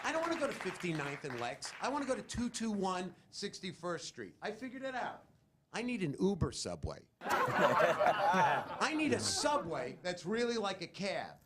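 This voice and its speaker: Man, stand-up comic, high voice, lively pitch, punchy delivery, crowd murmur and light noise. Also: normal speed. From New York. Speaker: stand-up comedian. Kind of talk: stand-up comedy bit.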